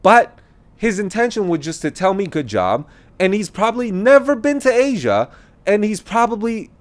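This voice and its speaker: A man talking casually about his own views, laughing as he goes and jumping into other people's voices. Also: high voice. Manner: animated, laughing, quick quoted voices. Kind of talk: casual opinion monologue.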